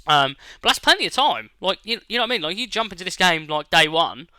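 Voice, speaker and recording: Guy cohosting a games podcast, bouncy pitch, super bright voice, laughs a lot. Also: quick pace, clear, resonant tone, dry recording. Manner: animated, laughs a lot, swears casually. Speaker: podcast co-host. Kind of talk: casual chat.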